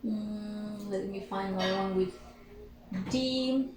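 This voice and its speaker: Slow, drilling woman English teacher. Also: medium pitch, over music. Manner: drills sounds slowly and repeats words. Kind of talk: pronunciation lesson. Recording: echoey room, faint ambience.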